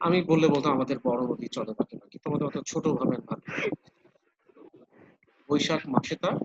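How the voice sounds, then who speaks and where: A man's voice: on the high side, racing, husky, highs cut off. A man with a Bangladeshi accent gives an online university lecture in English and Bengali. He repeats his points patiently and keeps asking the class questions.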